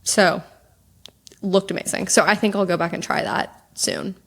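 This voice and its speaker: Telling stories in a casual podcast chat, this young female co-host speaks at normal speed with a lowish, creaky voice. She's chatty and fills her speech with plenty of fillers.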